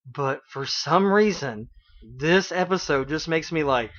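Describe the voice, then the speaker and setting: A man's voice: fairly high pitch, animated, a little slow, fairly bright tone. Chatty man hosting a lo-fi radio chat. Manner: chatty retelling with many fillers. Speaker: radio show host. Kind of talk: casual anime recap chat. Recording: dull lo-fi internet radio stream.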